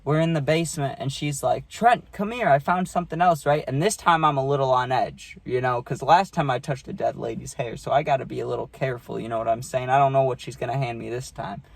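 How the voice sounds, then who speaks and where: A man's voice: mid-range voice, fairly even intonation, quick pace, gravelly, hardly any pauses, no room sound. Man, loose swearing storyteller, middling voice, dry close recording. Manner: loose and profane, many fillers and tag questions. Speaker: vlogger. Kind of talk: casual storytime.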